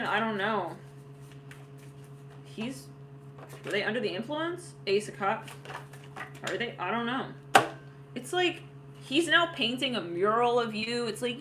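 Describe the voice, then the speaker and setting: A woman gives a loose, chatty tarot reading, rambling and filling gaps with little asides and laughter. Her voice is bright and sits a bit high. A faint hum stays behind her. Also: lively intonation, measured pace. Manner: rambling, laughs often, many fillers. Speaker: tarot reader. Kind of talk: casual psychic tarot reading.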